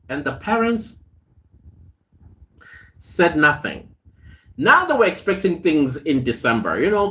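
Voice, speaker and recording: A man hosts a casual live stream, reading out viewer comments and greeting people by name. He speaks at an unhurried pace in a somewhat high voice. His stories wander in a chatty way, broken up by laughs. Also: fairly bright tone. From South Africa. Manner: reads viewer comments aloud and greets them; chatty storytelling with frequent laughs. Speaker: host.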